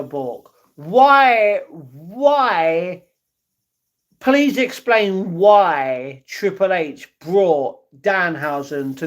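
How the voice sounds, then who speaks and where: A man chatting casually on his live stream, answering viewers' messages and talking to his pets between replies. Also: on the high side.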